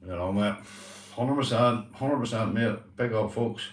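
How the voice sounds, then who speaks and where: A man's voice: on the low side, measured pace, echoey room, recorded from a distance, slight background noise. Earnest man livestreaming. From Northern Ireland. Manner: repetitive, earnest, swears and says "mate" often. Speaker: livestream host. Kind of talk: casual livestream chat.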